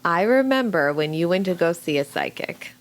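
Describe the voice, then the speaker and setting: A woman hosting a casual podcast chat, her pitch swinging up and down in a lively way. She keeps the conversation going with quick, supportive interjections and follow-up questions. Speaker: podcast host.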